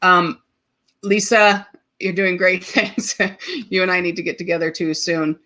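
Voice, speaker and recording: Bright-voiced woman telling her story. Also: on the low side, fairly even intonation, measured pace. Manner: open and emotional, lots of ums and restarts. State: choked up, tearing up. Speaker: podcast host. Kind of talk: live-streamed personal story.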